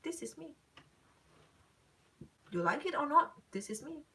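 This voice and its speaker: A smirky, self-satisfied man who doesn't care what anyone thinks, as a woman mimics him. His tone is dismissive and cold. He speaks in a voice near a mid-pitched woman's own. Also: expressive, a little fast, pushed and bright, husky. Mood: smug. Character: smug, uncaring man, a self-satisfied jerk.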